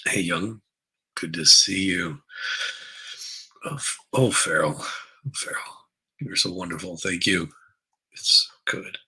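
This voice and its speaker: Groggy male stream host, low gravelly voice, rambling casual chat on a headset mic. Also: unhurried, pauses often, bright, forceful tone, rough recording. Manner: rambling, repeats words, greets chat viewers by name. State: groggy after a late night. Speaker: livestream host. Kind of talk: casual morning livestream chat. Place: basement room at home.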